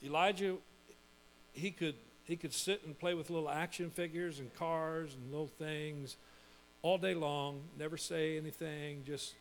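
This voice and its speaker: Male pastor, middle-aged, emphatic repetitive sermon delivery, a bit high-pitched, faint mains hum. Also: measured pace. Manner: lively, emphatic preaching with repetition.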